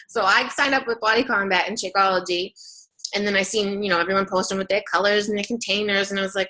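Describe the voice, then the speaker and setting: Woman, guest speaker, chatty storytelling, bright tone, video call audio. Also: medium pitch, steady tone, fast talker. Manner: chatty, storytelling with many fillers. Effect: robotic distortion at times. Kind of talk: casual team call.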